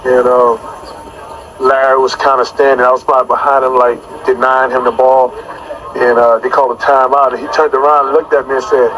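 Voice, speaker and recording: A man's voice: mid-range voice, brisk, background noise. A man who played pro basketball recounts a game in an interview, matter-of-fact. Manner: flat, matter-of-fact telling. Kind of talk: interview recollection.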